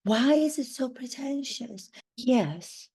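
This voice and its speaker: A woman playing a vain, self-pitying duchess in a satirical monologue, indignant and self-praising with dramatic pauses. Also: on the high side, expressive, dark tone, husky, heavily acted. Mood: boastful.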